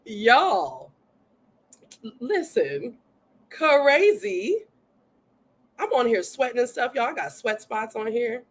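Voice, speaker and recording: A woman hosting a casual livestream, excitedly reading viewer comments aloud and often saying "y'all.". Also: on the high side, slow pace, pauses often. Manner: says "y'all" often, Southern-tinged speech. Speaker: livestream host.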